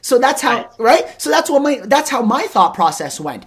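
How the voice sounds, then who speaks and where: A man hosting an interview show, talking in a rambling, animated way and acting out little conversations as he goes. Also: very high-pitched, normal speed. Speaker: host. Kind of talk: casual interview chat.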